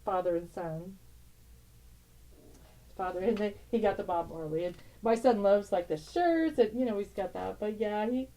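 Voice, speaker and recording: Middle-aged woman vlogger, warm mellow tone, rambling, tender, quick to laugh. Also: medium pitch, poor audio. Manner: rambling, tender, laughs often, broken-off sentences. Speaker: tarot channel host. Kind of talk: casual emotional vlog, showing family photos.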